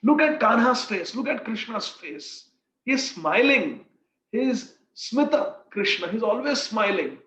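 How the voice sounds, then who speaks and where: A man voicing a cheeky, boastful young boy who teases and jokes with excitement. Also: high-pitched, takes it slowly, full character voice. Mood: teasing. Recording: echoey room, dull lo-fi sound.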